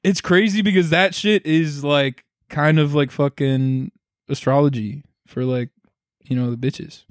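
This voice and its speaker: A man's voice: a little high, steady tone, unhurried, dry recording, studio quality. A young man co-hosting a podcast, chatting casually, swearing and laughing a lot. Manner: profane, joking, laughs often. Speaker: podcast co-host. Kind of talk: casual chat.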